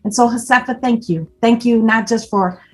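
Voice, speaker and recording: A woman's voice: fairly high pitch, normal speed, darkish tone. A middle-aged woman hosting an online panel, praising and thanking a guest with effusive, emotional words, often repeating "more importantly". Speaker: event host. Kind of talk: casual panel conversation.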